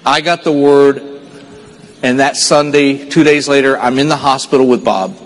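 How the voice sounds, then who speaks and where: A motivational speaker from Texas earnestly tells a story to a conference audience at a moderate pace, dropping low and quiet during the sad parts. He's in a large hall, and the recording is rough.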